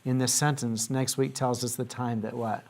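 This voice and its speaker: Male teacher, patient questioning, classroom lesson, mid pitch, faint background noise. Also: level tone, moderate pace, darkish tone. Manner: patient, asks questions and has students repeat.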